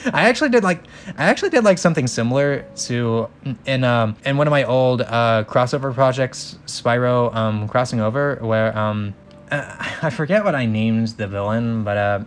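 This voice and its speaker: A young man reads a film script out loud in an ordinary mid-pitched voice. He stumbles over lines, laughs at himself and cuts in with casual, self-mocking asides. His tone stays loose and conversational. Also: a little fast, a little hiss or hum. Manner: self-mocking, breaks off to joke and apologize. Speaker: YouTuber reading a film script aloud. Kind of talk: script reading with casual commentary.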